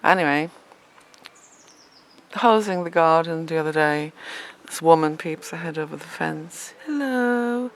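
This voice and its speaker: A woman in her fifties tells a rambling personal story with a low, gravelly voice. She is blunt and animated, and swears without a second thought. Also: unhurried. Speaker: vlogger.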